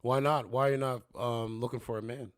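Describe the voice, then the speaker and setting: A man hosting a livestream, casually mocking and trash-talking the people on it with drawn-out taunts. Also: mid-range voice, fairly even intonation, no echo, clean studio sound. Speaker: livestream host.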